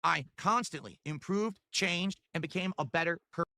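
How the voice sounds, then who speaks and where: A man's voice: fairly high pitch, normal speed, gravelly, a crowd in the background. A man speaking a defiant, self-justifying monologue as a YouTuber.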